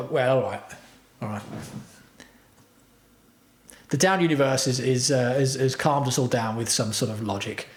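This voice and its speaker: Male streamer, mid-pitched, sarcastic sweary rant, echoey room. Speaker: livestream host. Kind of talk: casual livestream rant.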